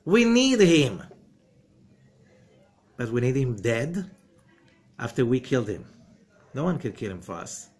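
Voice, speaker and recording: In this spoken lesson, a middle-aged rabbi and Zohar teacher stays animated throughout, acting out quotations and asking rhetorical questions. His volume jumps abruptly from loud, forceful outbursts to low, hushed stretches.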